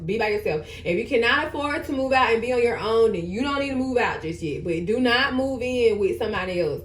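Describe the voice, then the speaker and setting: Woman, 30s, vlogger, emphatic casual advice, repeats for stress, echoey room. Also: fairly high pitch. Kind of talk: casual advice chat while getting ready.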